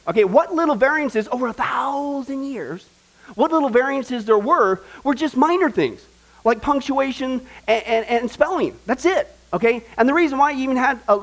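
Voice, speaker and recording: A very high-pitched American man preaches a sermon laced with humor. He is animated and emphatic, posing questions to his listeners and joking as he goes.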